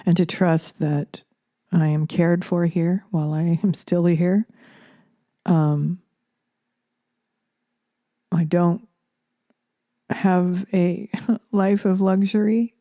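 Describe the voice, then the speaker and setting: A woman speaks slowly and softly into a close microphone, drifting through a reflective spiritual monologue full of pauses and ums. Her voice is very dark and mellow, a little low in pitch, and the sound is dry and close. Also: steady tone, dry recording. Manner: soft-spoken, drifting into whispers, hesitant fillers. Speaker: spiritual channeler and podcaster.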